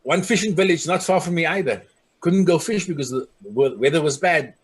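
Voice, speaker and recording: Man, husky and kinda high pitched, earnest storytelling, goes quiet on the heavy parts. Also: a little fast. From South Africa. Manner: earnest, acts out the voices of people he quotes, drops soft and low on grave points. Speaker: traditional community leader. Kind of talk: personal storytelling speech.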